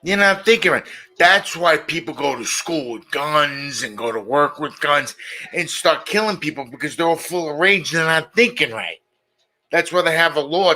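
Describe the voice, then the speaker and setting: Man, middle-aged, show host, opinionated monologue, slightly high voice, repeats himself. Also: pushed and bright. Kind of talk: casual monologue.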